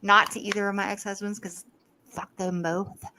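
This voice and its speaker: A woman's voice: mid-range voice, normal speed, slight background noise. A middle-aged woman co-hosting a podcast, talking bluntly and swearing freely as she tells stories. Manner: blunt, profane, animated storytelling. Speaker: podcast co-host. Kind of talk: casual chat.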